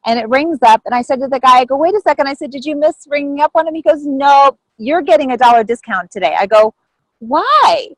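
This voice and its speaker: A woman telling a personal story on a video call, lively and animated, acting out what others said with big jumps in pitch. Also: fast talker, hardly any pauses, no room sound, low-quality recording. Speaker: group member sharing a story.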